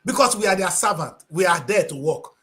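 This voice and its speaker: High, animated Nigerian man ranting. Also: brisk. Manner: passionate, preachy, mixes in Pidgin English. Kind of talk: impassioned talk-show commentary.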